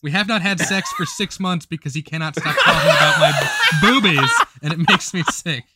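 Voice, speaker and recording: A man co-hosting a comedy podcast, reading an online post aloud in an animated way and breaking into laughs. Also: high-pitched, normal speed, heavy background noise.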